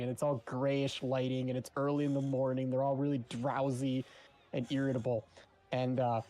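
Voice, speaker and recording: A man streaming, chatting casually and telling animated stories with frequent laughs. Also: mid-range voice. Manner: animated storyteller, laughs often. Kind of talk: casual chat.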